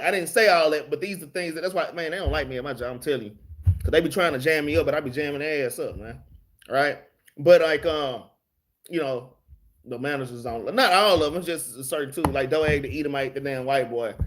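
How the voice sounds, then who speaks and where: A man's voice: on the high side, a little fast. A man teaching a casual Bible class over his phone, slangy and streetwise, swearing freely and calling listeners y'all and man. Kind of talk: casual live-streamed Bible study.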